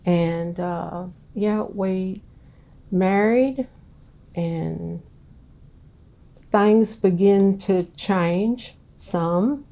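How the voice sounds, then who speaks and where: Middle-aged woman, slow, mellow, low voice, plain-spoken interview. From Southern US. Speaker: interviewee, ex-wife of a street preacher. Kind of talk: recounting her life in an interview.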